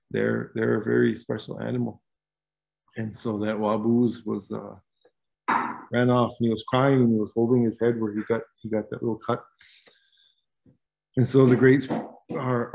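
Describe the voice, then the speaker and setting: A man from Wisconsin tells a traditional story over a video call. His voice is gravelly and sits at a middling pitch. He talks unhurriedly, with pauses, fillers and repeated words. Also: steady tone, darkish tone. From Wisconsin, USA.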